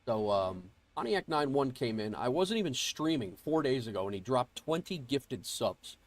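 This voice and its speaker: A man with a sing-song, mid-range voice at moderate pace streams a flight sim and casually chats, greeting viewers. He is nasal and congested from a cold, rambling with fillers and restarts, recorded through an earbuds mic.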